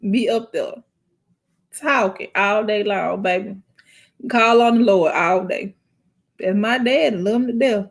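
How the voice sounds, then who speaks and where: Woman host, young adult, casual chat, animated and preachy, can turn teary. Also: mid-range voice, vocal fry. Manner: animated, preachy, talks straight to viewers; emotional, tearful, halting.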